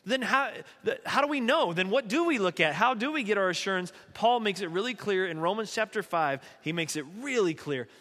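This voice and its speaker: Bright-voiced male preacher in a reverberant hall. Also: high-pitched, animated, fairly quick, few pauses. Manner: conversational storytelling, voicing characters casually. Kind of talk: sermon.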